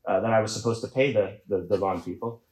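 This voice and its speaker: A man's voice: on the low side, quick pace. A middle-aged man from Houston telling a comic story to an audience in a loose, conversational, self-mocking way. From Houston, Texas. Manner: conversational, self-mocking, acts out shouts in quoted voices. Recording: echoey room.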